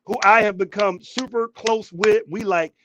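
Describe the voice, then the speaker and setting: A man co-hosting a talk show, telling a story with excitement and repeating his words. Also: high voice, normal speed, noisy background. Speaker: co-host. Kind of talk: casual talk show chat. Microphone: headphones, studio mic.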